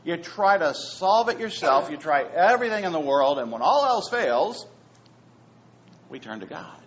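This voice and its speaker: A pastor preaching a sermon, swinging between hushed, near-whispered phrases and loud, emphatic repetitions. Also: male voice, on the high side, sing-song, moderate pace. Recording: dull lo-fi sound with faint ambience.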